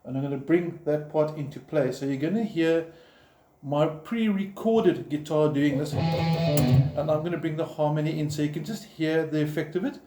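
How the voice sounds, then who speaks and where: A man's voice: a little high, moderate pace, mellow. A man teaching a guitar lesson step by step, patiently explaining while he plays and counting in. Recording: roomy echo, guitar playing behind.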